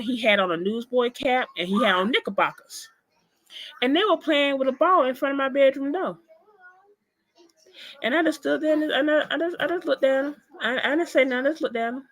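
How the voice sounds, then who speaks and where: A woman guest in an interview, telling a personal story in an animated, emphatic way and speaking straight to her listeners. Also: fairly high pitch.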